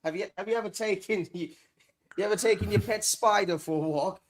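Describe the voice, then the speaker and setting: A man on an online panel who jumps in with loud jokes. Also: high voice, brisk. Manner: joking, loud interjector. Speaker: panel guest. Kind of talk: casual debate chat.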